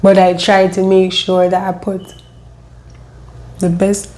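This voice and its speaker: A woman telling her own life story, emotional and halting, often repeating her phrases. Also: medium pitch, monotone, darkish tone. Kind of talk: personal storytelling.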